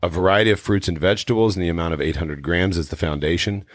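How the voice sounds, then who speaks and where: A man hosting a wellness podcast, explaining in an earnest, measured way. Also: deep voice, steady tone, no room sound, clean studio sound. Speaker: podcast host. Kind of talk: casual podcast chat.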